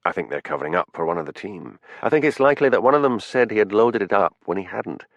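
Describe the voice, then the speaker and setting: A man's voice: fairly low pitch, animated, fast, no room sound, dull audio. A man voicing a matter-of-fact police detective explaining things over the phone.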